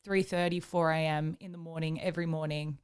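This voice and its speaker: A woman's voice: low-pitched, little pitch movement, brisk, clean tone. A young woman, co-hosting a podcast in casual chat, telling stories full of "like" and casual swearing. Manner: chatty storytelling, lots of "like", swears casually. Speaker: podcast co-host.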